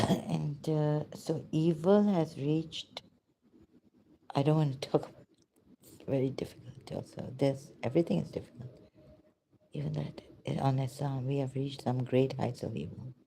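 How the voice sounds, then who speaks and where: A woman speaking haltingly and emotionally in an unscripted reflection, often dropping to a whisper. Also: a bass voice, fairly even intonation, creaky, warm tone, slight background noise. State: emotional, overwhelmed. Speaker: vlogger.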